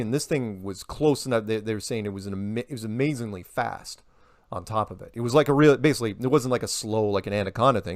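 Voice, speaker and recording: Rambling animated man on a podcast. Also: fairly low pitch, no room sound, clean studio sound. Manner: rambling, animated, laughs often, acts out quotes. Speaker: podcast guest. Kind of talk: casual conversation.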